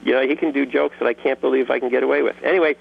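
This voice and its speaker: A man answering interview questions in a casual, joking way, lively and quick to slip into voices. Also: mid-range voice, vocal fry, highs cut off. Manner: animated, jokey, slips into character voices. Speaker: guest voice actor and creator.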